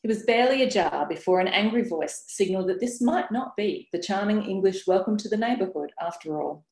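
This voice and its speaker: A woman's voice: mid-range voice, expressive, brisk, darkish tone. A woman author from Australia reading from her novel and then chatting about how she wrote it on a library webinar. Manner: chatty, with many fillers and restarts. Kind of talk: book talk on a library webinar. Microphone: video call. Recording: roomy webinar audio.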